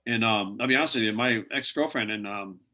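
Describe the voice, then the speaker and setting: A man speaking as a podcast guest, rattling off stories at a quick clip. His voice is bright and forceful, and he strings thoughts together with fillers like "like" and "you know". The talk is loose and conversational. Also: lowish voice. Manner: rambling anecdotes full of "like" and "you know". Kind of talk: casual interview storytelling.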